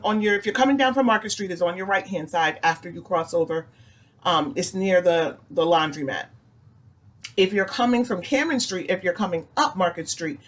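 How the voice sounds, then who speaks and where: A woman chatting casually as she reviews food for her vlog, rambling a little and laughing often. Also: mid-range voice. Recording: music playing in the background.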